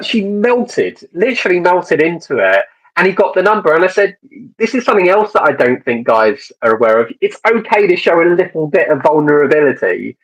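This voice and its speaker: Husky man telling a story. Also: on the high side, fairly bright tone, poor audio. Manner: rambling, many restarts and fillers. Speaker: dating coach. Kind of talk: casual storytelling monologue.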